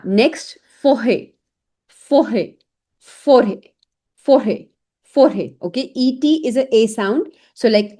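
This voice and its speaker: A woman teaching an online French lesson in English, speaking slowly and saying each example word several times. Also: on the high side, darkish tone.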